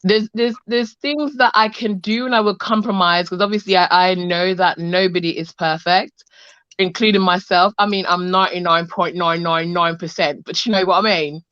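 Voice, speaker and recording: A woman's voice: on the low side, fairly even intonation, normal speed, a bit bright, dry recording. A frank woman with a South London accent, holding forth in a casual chat. Her delivery is emphatic and full of restarts. The sound is dry and slightly muffled. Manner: emphatic, frank, laughs often, restarts sentences.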